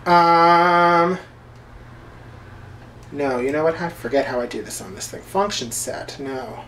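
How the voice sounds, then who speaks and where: A man's voice: medium pitch, fairly quick, roomy sound, far from the mic. A man talks his way through cooking in his home kitchen, rambling from one thought to the next with plenty of filler. He stands some way back from the mic, so his voice rings off the walls of the room. A faint background noise runs underneath. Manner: rambling, loose, lots of filler words. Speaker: video journal host. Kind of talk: casual chat while cooking.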